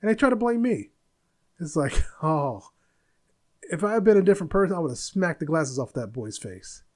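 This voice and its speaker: Man, 40s, podcast host, casual monologue, blunt venting, slightly high voice. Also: lively intonation, normal speed.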